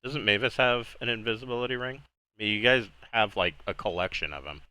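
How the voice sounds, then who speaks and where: A man's voice: fairly low pitch, fairly quick, pushed and bright, clean tone, no room sound, rough recording. A man narrating a tabletop role-playing session as dungeon master, describing scenes in a casual, descriptive way with frequent restarts.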